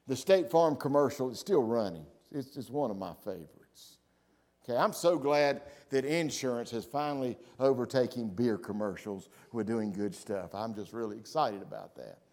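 A middle-aged man preaching a sermon, telling stories and swinging from loud declarations to hushed asides. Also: medium pitch, animated, moderate pace. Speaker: pastor.

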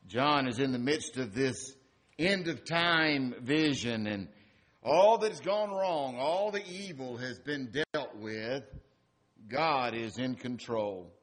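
A man's voice: medium pitch, animated, a bit bright. A male pastor preaching a sermon and reading scripture aloud, building in volume on key phrases. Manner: slow, deliberate delivery that swells in volume on key phrases.

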